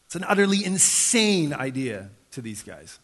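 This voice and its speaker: A man's voice: very animated, normal speed, fairly bright tone. Conversational man preaching a sermon. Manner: conversational, acts out quoted voices with sudden pitch jumps. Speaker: pastor.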